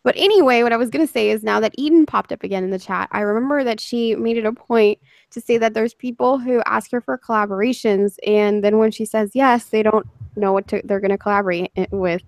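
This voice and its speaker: A woman's voice: fairly high pitch, brisk, vocal fry, few pauses, darkish tone, dry recording. A woman hosting a casual group chat on a livestream, chatty and giggly, often apologizing as she reads the chat. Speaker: host.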